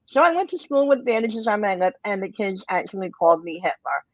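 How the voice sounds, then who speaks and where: A woman's voice: medium pitch, expressive, fairly quick, no room sound, highs cut off. A woman speaking candidly and reflectively about her own life as a guest in a conversation. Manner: candid, reflective, with occasional soft laughs. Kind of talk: personal testimony in conversation.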